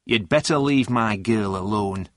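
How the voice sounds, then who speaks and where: Jealous young man, menacing, drawn-out words, storybook bully, voiced by a male narrator. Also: lowish voice, a bit bright, no echo, clean studio sound.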